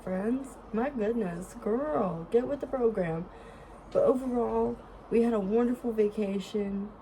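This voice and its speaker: A woman's voice: mid-range voice, warm tone, a little hiss or hum, poor audio. A woman vlogger with a stuffed-up nose, chatting casually to her camera, apologetic and laughing often. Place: vacation lodging.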